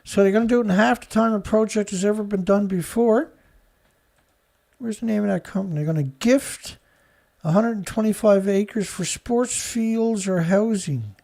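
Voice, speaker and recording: A man's voice: high-pitched, normal speed, gravelly, warm tone. A man from Canada hosting a solo news commentary show, reading stories aloud with sarcastic, indignant remarks and frequent laughter. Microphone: studio mic.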